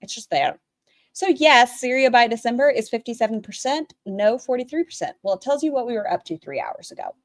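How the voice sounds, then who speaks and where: A woman's voice: a little high, animated, a little fast, no room sound, clean studio sound. Blunt, sarcastic woman streamer. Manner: blunt, sarcastic, swears freely. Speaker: streamer reacting to clips. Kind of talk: live-stream commentary.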